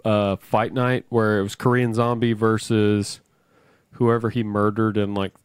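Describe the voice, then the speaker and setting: A man co-hosting a podcast in casual chat, telling stories in an animated, profane way. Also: lowish voice, a little slow, clear, resonant tone, dry recording. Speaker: podcast co-host.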